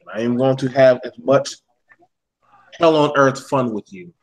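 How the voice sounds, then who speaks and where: A man's voice: mid-range voice, unhurried, poor audio. A man in a casual panel discussion, speaking bluntly and heatedly, with plenty of swearing.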